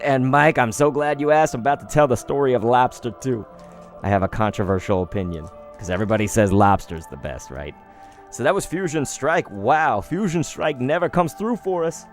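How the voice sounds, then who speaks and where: A man's voice: medium pitch, moderate pace, faint music behind. Chatty man streaming card openings. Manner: chatty and rambling, excitable outbursts. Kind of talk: casual live-stream chat.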